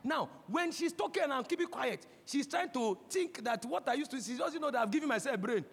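A man in his forties with a Nigerian accent, preaching a sermon as a pastor, impassioned and breaking into shouts. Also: very high-pitched, lively intonation, a little fast, creaky, slight background noise. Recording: long hall reverb.

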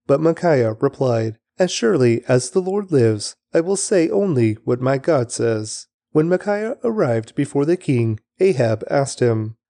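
A Bible reader reads scripture aloud at medium pitch, his mellow, darker voice lively and rising and falling. The sound is close and dry, without any room sound.

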